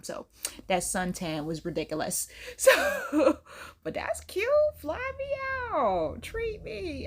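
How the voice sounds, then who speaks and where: A young adult woman hosting a reaction video, chatting casually in a slangy, laughing storytelling way. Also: fairly low pitch. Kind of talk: casual chat.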